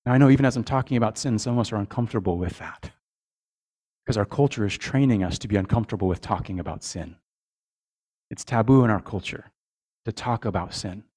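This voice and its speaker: A man's voice: on the low side, fast talker, darkish tone. Male pastor, earnest sermon delivery, conversational, repeats words, checks in with the congregation.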